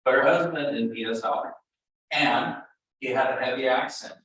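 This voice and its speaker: A man with a Californian accent coaching in a casual, blunt and animated way, retelling stories with quotes. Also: mid-range voice, normal speed. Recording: echoey room, voice from far off.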